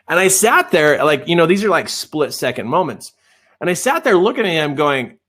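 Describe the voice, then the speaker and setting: A man coaching in a live webinar, telling a story in an animated, self-deprecating way and acting out the dialogue. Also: a little high, a little fast.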